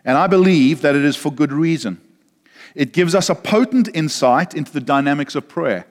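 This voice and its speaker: A man's voice: on the high side, expressive, moderate pace. A man preaching a sermon, earnest and repeating words, asking the congregation questions. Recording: long reverb of a large hall.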